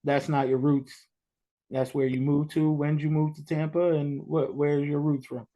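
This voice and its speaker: A man from New York hosting a podcast, chatting casually and telling stories in an animated, excitable way. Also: on the high side, normal speed. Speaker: podcast host. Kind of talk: casual interview chat.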